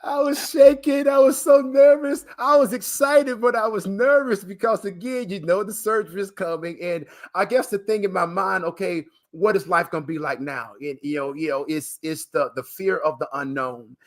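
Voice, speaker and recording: Speaking at a moderate pace with almost no pauses, this man has a high, slightly bright voice. He's a guest on a live video call broadcast, a transplant recipient and coach who talks with preacher-like emphasis and emotion, repeating words, using lots of fillers, and addressing the listener as "man."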